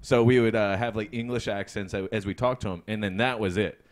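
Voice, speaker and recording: A man's voice: fairly low pitch, steady tone, fairly quick, over music. A man in a casual group chat, telling laid-back anecdotes with hesitant fillers.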